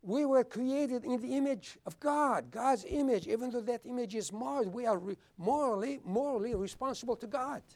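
A man preaching a sermon, earnest and repeating his words, at times dropping low and soft for solemn points. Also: normal speed, few pauses. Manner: earnest, repeats words, clears throat often.

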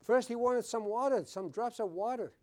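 A man preaching a sermon, earnest and repeating his words, at times dropping low and soft for solemn points. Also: normal speed. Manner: earnest, repeats words, clears throat often.

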